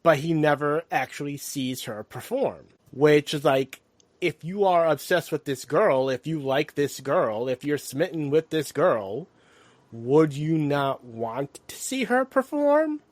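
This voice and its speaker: A man co-hosting a film podcast, talking casually and acting out character lines in quick bursts. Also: on the high side, expressive, no room sound. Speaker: podcast co-host.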